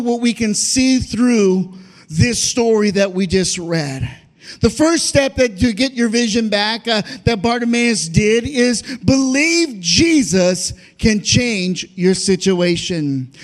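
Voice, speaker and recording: A male pastor preaching a sermon, often starting lines with "uh" and rising into shouted, sing-song peaks. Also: very high-pitched, a little slow.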